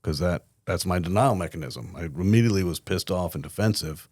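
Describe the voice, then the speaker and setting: Deep-voiced middle-aged male CEO guest; candid, blunt storyteller; dry close sound. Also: a little fast, darkish tone, dry recording. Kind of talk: storytelling in a podcast interview.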